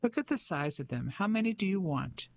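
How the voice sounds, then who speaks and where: A man's voice: high-pitched, very animated, brisk, pitched above the performer's own voice, heavily acted. An audiobook narrator voicing a flirtatious French fisherman who talks boldly and teasingly. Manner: bold, teasing.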